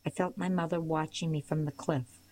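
A woman narrating an audiobook in a steady, measured storytelling voice. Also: sits low, a little hiss or hum, rough recording.

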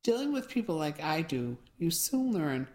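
A woman's voice: sits low, big pitch swings, normal speed, a little mellow. A woman doing a laid-back handyman guy. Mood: matter-of-fact.

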